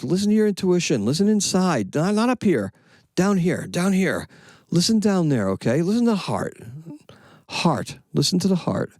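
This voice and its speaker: A man with a gravelly, fry-edged voice talks through a casual astrology report, swinging his pitch up and down as he rambles. He corrects himself with playful asides. The sound is dry and close, with no room around it. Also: darkish tone, no echo. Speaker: astrology channel host.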